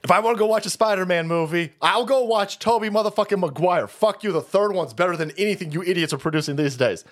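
A man's voice: high voice, quick pace, hardly any pauses. A man hosting a livestream, delivering a heated, profane and mocking political rant. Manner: foul-mouthed, mocking, heated ranting. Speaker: streamer host.

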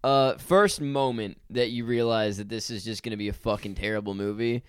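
A man's voice: on the low side, normal speed, clear, resonant tone, dry recording, studio quality. A man co-hosting a casual podcast and reviewing a movie, telling wry, profane stories about how bad it was. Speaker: podcast co-host.

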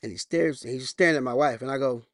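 Preaching fast in church, a male pastor moves from loud, high scripture reading to low, chatty storytelling, blunt and emphatic and repeating phrases. The sound is clean studio quality with no room sound.

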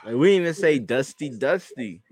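A man co-hosting a podcast in relaxed casual chat, laid-back with easy laughter. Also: on the high side, brisk, husky, no echo. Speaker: podcast co-host.

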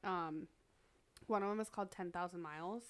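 A woman's voice: on the low side, normal speed, dry recording. A young woman chatting casually and telling a story with lots of acted-out quotes. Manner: animated storyteller, acts out quotes. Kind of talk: casual chat.

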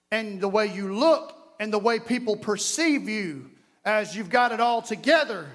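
Preacher guy, really high voice, goes from hollering at the church to almost whispering prayers. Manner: passionate preaching, swinging between loud calls and hushed prayer. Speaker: pastor. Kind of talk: sermon. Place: church sanctuary. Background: congregation.

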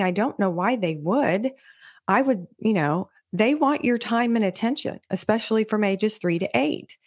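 A middle-aged woman hosting a podcast, explaining child behavior to parents in an earnest, teaching way, sometimes acting out a parent's or a child's words. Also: mid-range voice. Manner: earnest, explanatory, acts out parents' and kids' voices. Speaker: podcast host, children's sensory specialist. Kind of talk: solo podcast talk.

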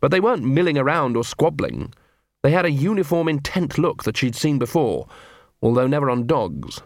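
A man narrating an audiobook, telling a comic story in an even, dry manner on a close studio mic. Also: medium pitch, normal speed, vocal fry, dry recording. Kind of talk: scripted narration.

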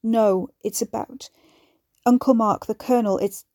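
A woman's voice: on the high side, steady tone, a little slow, a little mellow, no room sound, clean studio sound, lightly acted. A woman voicing a frightened, grieving young man who pleads in a breaking, whispery voice. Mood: pleading.

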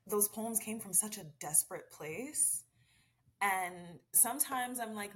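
A woman's voice: fairly low pitch, fairly bright tone. A young woman guest on a podcast, an author and poet, talking earnestly in casual chat with many restarts.

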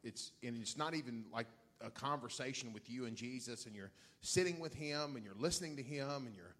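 A middle-aged pastor speaking to his church at a fairly quick clip recounts a story with a lot of excitement. His medium-pitched voice jumps from quiet asides to loud shouts, punctuated by laughter.

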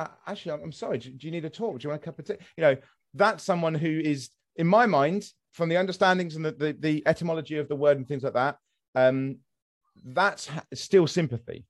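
A man in his thirties hosting a podcast, arguing his opinions with many restarts and repeated words. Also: fairly high pitch. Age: 30s. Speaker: podcast host. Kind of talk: casual podcast discussion.

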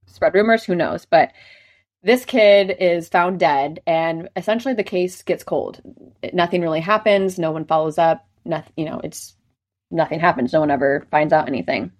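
A woman's voice: on the low side, normal speed, darkish tone. A woman co-hosting a podcast, telling a story in casual chat with lots of filler words. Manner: chatty, storytelling, many filler "like"s. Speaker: podcast co-host.

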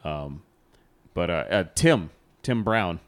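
A man co-hosting a casual podcast, his voice sitting low. He rambles through his points, stumbling over fillers and restarting sentences as he goes. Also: expressive, takes it slowly. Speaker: podcast co-host. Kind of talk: casual chat.

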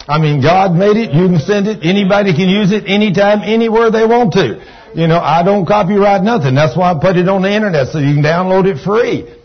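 A Texan preacher with a high, husky voice delivers a folksy, rambling sermon. He talks like an old country boy and gets carried away with enthusiasm. The recording is dull and lo-fi. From Texas.

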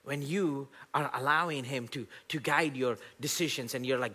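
A man preaching a sermon, animated, laughing at his own stories, rising loud when quoting scripture and dropping soft for asides. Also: normal speed, hardly any pauses. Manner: rises loud and high when quoting scripture, drops soft for inner dialogue. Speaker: pastor.

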